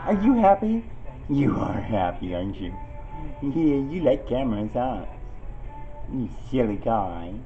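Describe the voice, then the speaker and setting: A woman's voice: extremely low pitch, animated, a little slow, soft background music. A woman caretaker at an animal rescue, talking to the animals in coaxing, sing-song baby talk and repeating her questions. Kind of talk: cooing baby talk to pets. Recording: muffled lo-fi camera audio.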